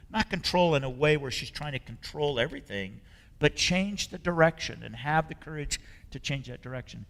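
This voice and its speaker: A man preaching a sermon as a spiritual leader. He talks in an earnest, conversational way and often lets phrases trail off softly. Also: fairly high pitch, lively intonation, moderate pace. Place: church sanctuary. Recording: long reverb of a hall.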